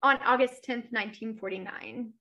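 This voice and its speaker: A woman's voice: fairly high pitch, normal speed, sharp tone. A woman co-hosting a true crime podcast, telling the story in casual chat with frequent laughs and trailing off. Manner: giggly, chatty, trailing off. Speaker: podcast co-host.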